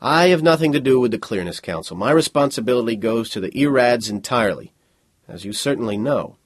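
A man's voice: medium pitch, animated, normal speed, breathy edge. A man voicing a stern, firm librarian in an audiobook reading. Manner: firm, clipped.

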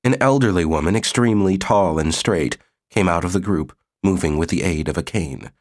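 A man narrating an audiobook in a measured, even reading. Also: low voice. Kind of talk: scripted narration.

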